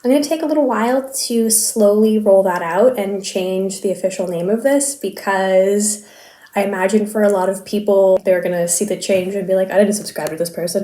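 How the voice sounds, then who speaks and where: Young woman, podcast host, rambling casual chat, mellow tone, roomy echo. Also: mid-range voice. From Canada. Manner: chatty, rambling, self-deprecating, laughs easily. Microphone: filming herself on camera. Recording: echoey room.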